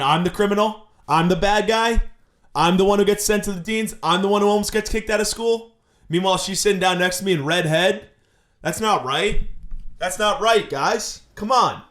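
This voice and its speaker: Young male comic host, fairly high voice, mock-indignant rant delivery. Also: a bit bright. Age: 20s. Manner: mock-indignant, exaggerated complaining. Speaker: comedy podcast host. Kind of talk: comedic rant monologue.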